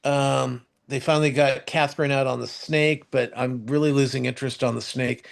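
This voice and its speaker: A man with a gravelly, fry-edged voice at an ordinary middle pitch, talking casually on a podcast. He rambles, stops and restarts his sentences often, and throws in the odd swear word as he goes. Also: fairly even intonation. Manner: rambling, halting, full of restarts and fillers. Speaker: podcast co-host. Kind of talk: casual chat reviewing TV shows.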